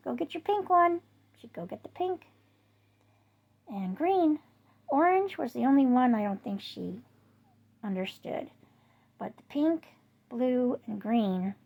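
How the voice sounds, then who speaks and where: Gravelly-voiced chatty woman. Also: dark tone. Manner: rambling storyteller with many fillers; voice jumps high when quoting herself. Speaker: vlogger. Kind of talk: casual chat to camera.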